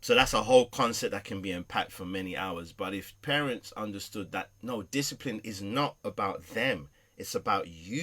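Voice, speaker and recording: A man, a guest in a casual talk, lays out his ideas emphatically. His husky voice is bright and sharp in tone, and his pitch rises and falls a lot. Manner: emphatic, explanatory. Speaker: guest, parenting consultant. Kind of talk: casual conversation.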